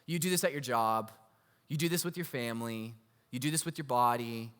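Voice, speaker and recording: A man pastor preaching a sermon in an animated, storytelling way, often asking the congregation rhetorical questions. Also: mid-range voice, fairly quick, clean tone. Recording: long hall reverb.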